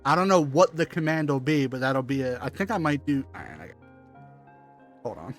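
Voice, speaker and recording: A man in the middle of a relaxed live game stream, chatting along and muttering to himself as he plays. His voice sits at an ordinary middle pitch. Faint music plays quietly behind him. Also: fairly quick. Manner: chatty, talks to himself while playing, offhand jokes. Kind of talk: casual live gameplay commentary.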